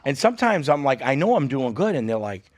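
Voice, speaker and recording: A man with a heavy Boston accent talks in a lively, casual way as a comedian guest on a podcast. He jumps in over the others and laughs easily. His voice sits at an ordinary middle pitch. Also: fairly quick. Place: podcast studio.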